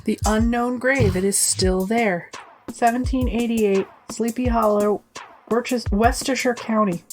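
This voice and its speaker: A woman co-hosting a podcast in casual chat, animated and swearing freely as she acts out quotes. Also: a little high, a little slow, soft background music. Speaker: podcast co-host.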